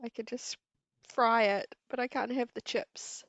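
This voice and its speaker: On a craft livestream, a New Zealand-accented woman talks casually and giggles with viewers, her voice on the high side, fairly even, a little slow, and a bit bright. The sound from her earpiece and desk mic is dull, without room sound.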